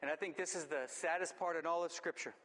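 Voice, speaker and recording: A man delivers a sermon in a high, earnest voice, talking through scripture as if chatting with his congregation. He stumbles and restarts now and then. The sound carries a long hall reverb. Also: fairly even intonation, fast talker, fairly bright tone. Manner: earnest, conversational preaching with repeated restarts. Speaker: pastor.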